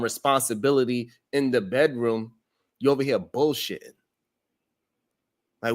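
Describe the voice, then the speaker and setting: A man co-hosting a podcast, bluntly and exasperatedly scolding another panelist. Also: medium pitch. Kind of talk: heated podcast debate.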